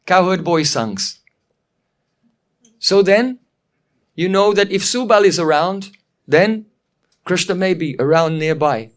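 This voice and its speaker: A man with a fairly high voice leads a storytelling lesson. He retells a drama and stops to explain terms, chuckling along the way. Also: unhurried. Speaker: teacher.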